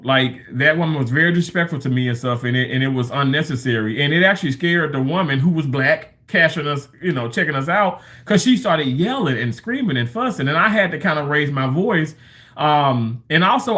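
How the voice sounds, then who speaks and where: A man's voice: a little high, expressive, moderate pace, fairly bright tone. A man in his thirties or forties, rambling through a casual livestream monologue with chatty storytelling and loose swearing.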